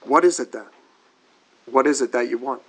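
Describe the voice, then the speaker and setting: A man's voice: medium pitch, steady tone, moderate pace, a bit bright, close to an everyday voice, poor audio. A man voicing an eager young mother who pleads for her child in a story told from the pulpit. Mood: pleading.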